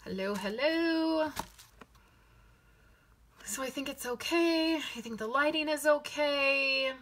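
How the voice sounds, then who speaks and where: A woman's voice: sits high, a little slow, a bit bright. A woman hosting a live card-making stream, chatting casually and greeting viewers by name. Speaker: card-making livestream host.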